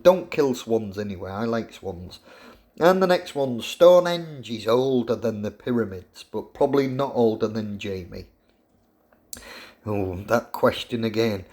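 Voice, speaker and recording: Playful professor, unhurried. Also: male voice, on the low side. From England. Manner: jokey, animated, teasing. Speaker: university professor. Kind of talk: lecture to students.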